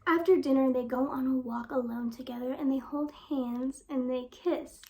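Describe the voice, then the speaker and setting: A young woman casually reviewing a book she dislikes, reading passages aloud and mocking them with sarcastic asides and quick laughs. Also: high voice, fairly even intonation, mellow.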